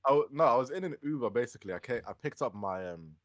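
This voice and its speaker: A man's voice: medium pitch, lively intonation, fast talker, no echo, clean studio sound. A young man from the UK co-hosting a casual podcast chat, talking hesitantly with many fillers and laughing as he tells a story. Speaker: podcast co-host.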